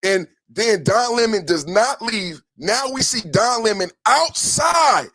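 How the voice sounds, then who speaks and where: A high-pitched man hosting a live stream, talking straight to his chat. He repeats himself and swings between quiet, earnest talk and loud shouting. The sound is dry and close. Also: animated, slow pace, dry recording. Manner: emphatic, repetitive, swings between soft and shouting. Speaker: podcast host. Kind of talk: live-stream commentary over clips.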